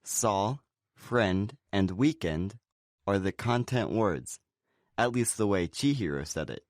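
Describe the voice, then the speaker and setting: A man co-presenting a scripted pronunciation lesson, explaining in a relaxed way and saying example words slowly and clearly. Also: lowish voice, dry recording, studio quality. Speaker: pronunciation teacher.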